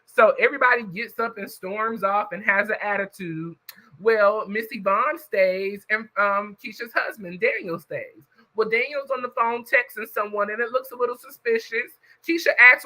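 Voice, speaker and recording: A man's voice: high-pitched, steady tone, normal speed, bright, forceful tone, low-quality recording. A man casually recapping a story for his viewers, chatty and talking straight to the audience. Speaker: YouTube reviewer.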